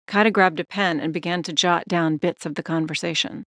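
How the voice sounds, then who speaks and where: Low-voiced woman narrating an audiobook. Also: steady tone, brisk, fairly bright tone, no room sound, studio quality. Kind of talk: scripted narration.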